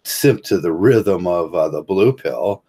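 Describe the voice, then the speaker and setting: A man from Ohio talks in a loose, rambling livestream monologue, stopping and restarting his sentences. His voice sits very low and has a husky, slightly rough grain. A Midwestern American accent colors his speech. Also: lively intonation, mellow. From Ohio, USA. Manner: halting, many fillers and restarts, chuckles often. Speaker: livestream host.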